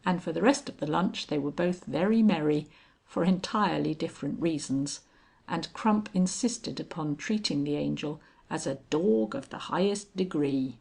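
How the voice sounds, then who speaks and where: Woman, audiobook narrator, husky voice, lowish pitch, steady measured reading. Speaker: audiobook reader. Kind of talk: scripted narration.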